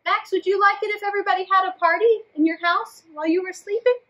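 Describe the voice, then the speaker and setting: Bright-voiced woman reading to preschoolers. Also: very high-pitched, highs cut off. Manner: slow, gentle, and encouraging, with playful sound effects for the children. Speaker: librarian leading preschool yoga and storytime. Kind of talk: children's storytime read-aloud.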